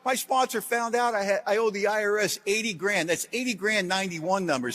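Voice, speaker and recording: A middle-aged man with a fairly high-pitched voice gives a recovery talk to a large audience. He tells self-deprecating stories in punchy one-liners. He moves from loud, emphatic jokes to quiet, earnest reflection. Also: a little fast, few pauses, faint music behind. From Washington, USA. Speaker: AA convention speaker.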